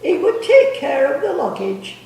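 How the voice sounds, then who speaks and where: A woman's voice: sits high, sing-song, measured pace, darkish tone. An older woman telling rambling family stories, repeating words and laughing as she goes. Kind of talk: casual storytelling. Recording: echoey room, distant mic.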